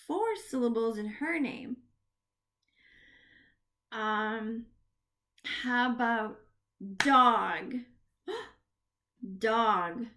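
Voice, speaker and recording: A woman teaches young children in a very slow, drawn-out way, stretching each word. Her voice sits fairly high and she punctuates it with excited little gasps. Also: noisy background. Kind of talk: early literacy lesson for young children.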